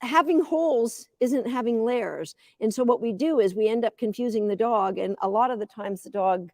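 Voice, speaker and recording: A woman in her fifties, a dog agility coach giving a live teaching demo, chatty and energetic, cheering the dog on. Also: fairly high pitch, moderate pace, dry recording, studio quality.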